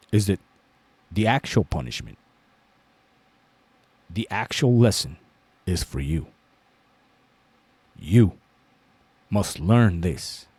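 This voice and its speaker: A man hosts a commentary show and tells a moral fable to his viewers. He talks slowly in a lowish voice, swears freely and keeps tagging lines with "right?". The sound is dry and close. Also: dark tone, slightly rough, no room sound. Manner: profane, keeps asking 'right?' and chuckling. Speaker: commentary channel host. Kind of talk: storytelling commentary.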